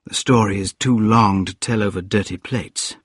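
Male narrator voicing an exhausted inventor host: deep, slow, quiet and husky. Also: no echo, studio quality. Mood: tired, hushed. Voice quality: quiet, worn-out and hushed. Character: weary gentleman inventor back from a journey.

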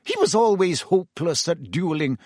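A man's voice: fairly high pitch, lively intonation, moderate pace, a little mellow, dry recording, studio quality, pitched above the performer's own voice. A man voicing a stern, prim older female professor who speaks in short, clipped phrases. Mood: rueful.

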